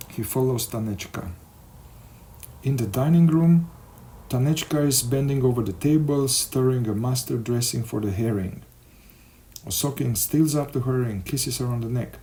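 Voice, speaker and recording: A man reads a novel aloud, steady and measured with an expressive touch. His voice sits in a middle register. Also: mid-range voice. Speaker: audiobook narrator. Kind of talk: scripted narration.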